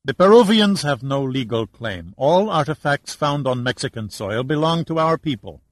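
A man voicing a calm, smooth-talking government official in an audiobook. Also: mid-range voice, moderate pace, dry recording, voice pushed up, natural voice. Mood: evasive.

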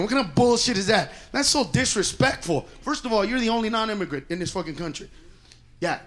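A man performing a profane stand-up comedy set, loud and brash, jumping between shouted bits and muttered asides. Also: high voice, expressive, fairly quick, a little hiss or hum. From United States.

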